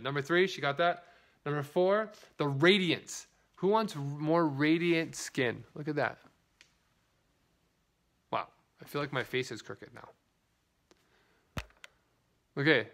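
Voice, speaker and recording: A man with a medium-pitched, fairly bright voice hosts a casual live demonstration of a product, recorded on a phone at home, where he welcomes viewers by name and switches into broken Spanish.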